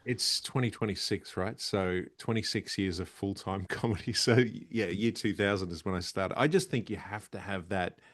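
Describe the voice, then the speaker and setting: A man with an Australian accent, a comedian guest telling animated stories and slipping into voices. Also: deep voice, normal speed, few pauses, no echo, clean studio sound. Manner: animated storytelling, slips into voices. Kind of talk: casual interview chat.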